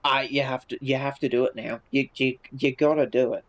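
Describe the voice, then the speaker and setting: A man's voice: mid-range voice, fairly even intonation, a little fast, low-quality recording. A man streaming live, chatting casually and reacting to viewer messages in a laid-back way, swearing freely and restarting his sentences.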